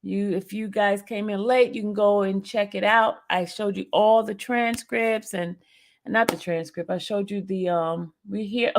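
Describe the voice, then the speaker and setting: A woman's voice: mid-range voice, fairly even intonation, a little slow. A tearful woman hosting a live stream, pleading with listeners to come up and talk. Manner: pleading, urging listeners to join. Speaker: livestream host.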